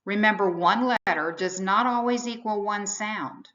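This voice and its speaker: A woman giving scripted instructional narration, explaining in a measured, explanatory way how to teach sounds. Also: medium pitch, fairly bright tone. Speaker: reading instructor. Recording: slightly dull, lo-fi voice-over.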